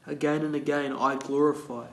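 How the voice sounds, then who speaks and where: A man leading a morning class, reading scripture aloud slowly and carefully and explaining it, restarting some verse words. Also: a little high, little pitch movement. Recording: roomy echo.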